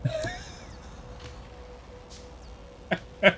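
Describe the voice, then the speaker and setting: A man's voice: extremely slow, sharp tone, a little hiss or hum. Joking man rambling over gameplay. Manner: rambling, joking, trying out foreign words. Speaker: streamer playing a modded factory game. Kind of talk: casual gameplay commentary with chat.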